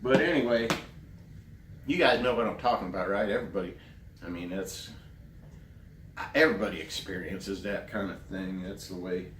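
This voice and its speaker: A man playing a naive, earnest grown man who rambles slowly through a voicemail in deadpan comedy, recorded at a distance in a roomy space. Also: low voice, a little hiss or hum. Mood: earnest rambling. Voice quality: rambling, meandering, slow and earnest. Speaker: comedy character leaving a voicemail. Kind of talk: deadpan character comedy monologue. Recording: roomy, distant mic, faint ambience.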